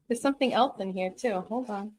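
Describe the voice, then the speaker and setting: A woman hosting a casual livestream, excitedly opening gifts and chatting to her viewers while swearing freely. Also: mid-range voice. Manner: excitable, swears often, laughs and gasps. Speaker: livestream host.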